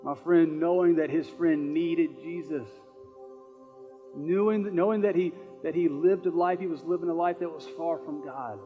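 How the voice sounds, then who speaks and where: Earnest pastor preaching over soft music. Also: male voice, on the high side, fairly even intonation, normal speed, phone-quality sound. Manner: earnest, repeats phrases for emphasis. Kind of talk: sermon. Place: church service.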